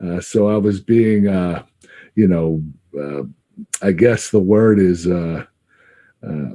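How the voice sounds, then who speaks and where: A middle-aged man in a casual podcast interview, talking haltingly with many fillers and frequent laughs. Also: low voice, mellow. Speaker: guest recalling his wrestling career.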